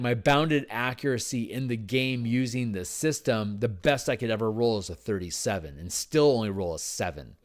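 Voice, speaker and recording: A tired man working through game design on a livestream, thinking aloud with halting restarts and repeats. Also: medium pitch. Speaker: game designer streaming his work.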